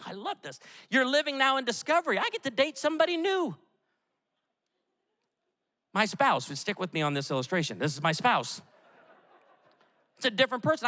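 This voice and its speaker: A middle-aged male pastor preaching a sermon, telling stories in an animated way with quick asides. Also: very high voice. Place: church auditorium. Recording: echoey hall with long reverb.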